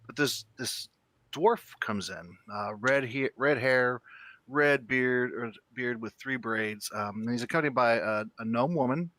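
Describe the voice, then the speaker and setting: Man, dungeon master, tabletop narration, hesitant, fillers, bright. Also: medium pitch, unhurried, no room sound.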